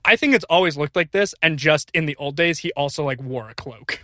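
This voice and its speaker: A man co-hosting an improvised comedy podcast, excitable and rambling, breaking into laughter. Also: a little high, fairly quick, no echo, studio quality. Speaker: podcast co-host.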